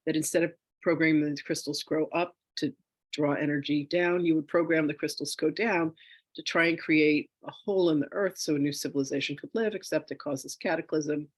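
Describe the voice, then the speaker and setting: A middle-aged woman teaching a live online class as a spiritual teacher, telling her own story with lively acted-out dialogue, speaking into a phone. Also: sits low, no room sound. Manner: animated storyteller, acts out quoted dialogue.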